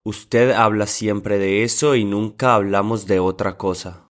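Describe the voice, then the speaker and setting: A man with a somewhat low voice reads example sentences for a language lesson. He says each one twice in a calm, measured way.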